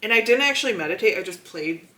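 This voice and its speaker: A woman co-hosting a podcast in casual chat, chatty and playful and quick to laugh. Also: mid-range voice, animated, bright, forceful tone, rough recording. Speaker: podcast co-host.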